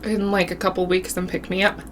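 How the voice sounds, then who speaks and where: A woman vlogger casually telling a spooky story while eating, with a runny nose and an animated, drawn-out way of talking. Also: on the low side, a little hiss or hum. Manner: animated storytelling with southern-style "y'all". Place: home, eating on camera.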